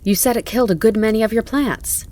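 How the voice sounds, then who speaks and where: A woman's voice: fairly high pitch, voice pushed up, natural voice. A woman reading as an earnest male groom. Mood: indignant. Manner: soft and slow, then loudly indignant. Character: kind earnest male groom, working man. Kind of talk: audiobook reading. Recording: faint crackling campfire behind.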